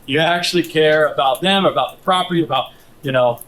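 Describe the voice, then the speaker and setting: Brisk bright-voiced male instructor. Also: on the high side, poor audio. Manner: brisk, coaching, talks to the room. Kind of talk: live workshop teaching.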